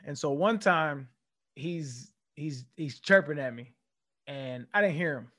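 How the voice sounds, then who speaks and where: Former athlete from California, fairly high voice, animated storyteller. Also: male voice, unhurried. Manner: animated storyteller who acts out quotes. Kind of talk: casual interview storytelling.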